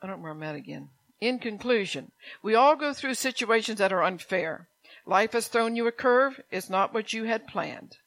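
An older woman delivers a sermon in a loose, conversational manner, drifting into asides and then rising into impassioned spoken prayers. Her tone is bright and forward. The recording is dry, with no room sound. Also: fairly high pitch, expressive, moderate pace, dry recording. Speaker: preacher.

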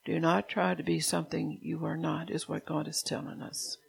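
An older woman pastor preaching a sermon in a soft, unhurried way, stopping now and then to correct herself. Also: low-pitched, flat delivery, gravelly, breathy edge.

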